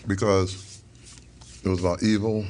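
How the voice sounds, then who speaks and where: A man's voice: low-pitched, flat delivery, measured pace, a little mellow, slight background noise. A middle-aged man, a guest in an interview, talking over a meal in an earnest, reflective way and chuckling now and then. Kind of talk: casual conversation over a meal.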